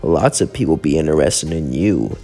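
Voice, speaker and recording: A man's voice: very deep voice, animated, normal speed, dark tone, husky, soft background music, voice pushed down, exaggerated voice. A man voicing a flamboyant, flirty male demon boss. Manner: flirty, drawling.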